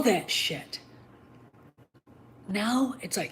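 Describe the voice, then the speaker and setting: A woman host talking alone in an animated, opinionated way, swearing freely and using many fillers. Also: on the low side, a little slow, long pauses, rough recording. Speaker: podcast host. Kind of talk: opinionated solo talk.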